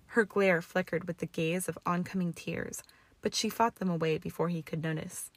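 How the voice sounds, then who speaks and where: A woman reading fan fiction aloud in a steady, measured narration. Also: on the low side, no echo. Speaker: audiobook reader.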